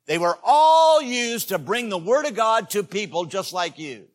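A man preaching a sermon as a visiting evangelist, folksy and joking, swinging between loud peaks and hushed asides. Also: high-pitched, animated, a little slow.

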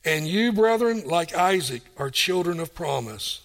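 Guy preaching slow, high voice, reads bible verses then repeats the key bits. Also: animated, gravelly. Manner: reads scripture aloud and explains it verse by verse; repeats and stresses key phrases. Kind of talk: sermon.

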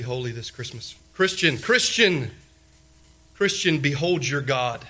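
A male pastor preaching a sermon, repeating key phrases emphatically and swinging between loud declarations and hushed lines. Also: mid-range voice, expressive, a little slow.

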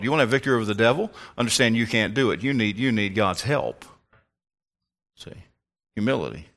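A man's voice: medium pitch, a bit bright. An older man, a pastor, preaching a sermon in an emphatic, folksy way with asides to the congregation.

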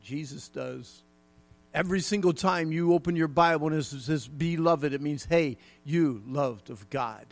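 A man's voice: fairly high pitch, unhurried, no echo, soft background music. A middle-aged man preaching a folksy, emphatic sermon with jokes and repetition. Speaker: pastor.

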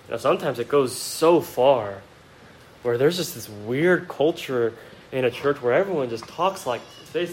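A male pastor preaching a sermon to his congregation in a church. He talks to them directly with rhetorical questions and swings from quiet, reflective asides to emphatic outbursts. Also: mid-range voice, expressive, unhurried, poor audio. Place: church sanctuary.

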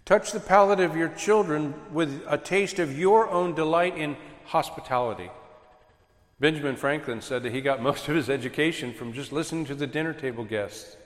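Man preaching in an echoey hall. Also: medium pitch. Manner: earnest, animated preaching with acted quotes. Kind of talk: sermon on raising children. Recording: echoey hall with long reverb.

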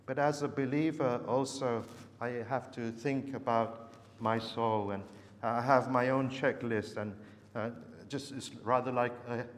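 A man preaching a sermon, earnestly asking searching questions and often pausing with hesitations. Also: mid-range voice, steady tone. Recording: long reverb with faint background noise.

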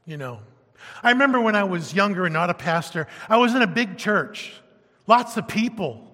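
A pastor preaching a sermon, animated and emphatic, moving between loud peaks and hushed stretches, in a church sanctuary. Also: male voice, high-pitched, fairly quick. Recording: long reverb of a church hall.

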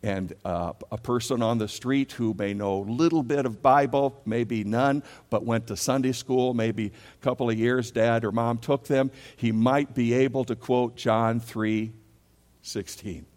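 Male pastor mid-sermon, lively call-and-response delivery, long hall reverb. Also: medium pitch, a little slow. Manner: animated preaching, leads congregation call-and-response.

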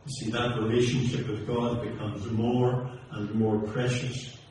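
A man's voice: mid-range voice, level tone, a little slow, a little mellow, slight background noise. A man delivers a sermon in a rhythmic, rising preaching cadence, stacking question after answer. His voice rings through a large, very reverberant hall and is picked up from some distance, with faint room ambience underneath. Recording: very echoey hall, heard from a distance.

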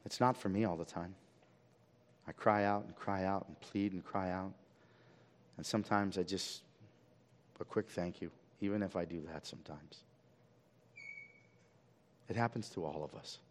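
A man preaching a sermon as pastor, swinging from loud emphatic peaks to quiet low pleading and asking the congregation rhetorical questions. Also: normal speed, pauses often. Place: church sanctuary. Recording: long reverb of a church hall.

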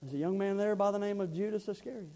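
A man preaches from the pulpit in an earnest, storytelling way. His voice sits high, and he often doubles back on words as he builds a point. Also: fast talker, warm tone, poor audio. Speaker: pastor. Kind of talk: sermon.

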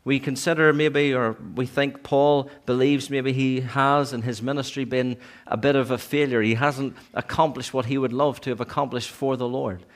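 A man preaching a sermon in church, earnest, sometimes rising to emphatic peaks and then dropping low. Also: steady tone, normal speed.

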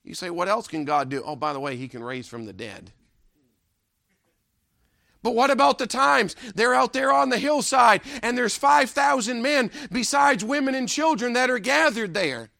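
A man preaching with a high, gravelly voice that cuts bright and sharp, recorded close and dry. He drives his sermon with a repeated rhetorical question. He sinks his voice low and quiet on the lines that matter most. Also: lively intonation, moderate pace, no room sound.

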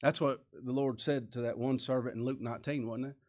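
A man's voice: medium pitch, steady tone, brisk, a little mellow, slight background noise. A man preaching a sermon, earnest and emphatic, with many rhetorical questions.

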